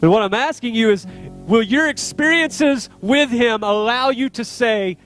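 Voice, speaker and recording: Earnest high-voiced male pastor preaching. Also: a little slow, fairly bright tone, faint music behind. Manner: earnest, rising to emotional intensity. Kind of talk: sermon.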